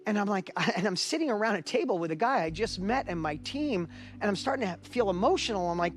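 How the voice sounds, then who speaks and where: A man's voice: high voice, lively intonation, fast talker, soft background music. A middle-aged man speaking as an event speaker, telling a personal story in a motivational stage talk and building to urgent exhortation.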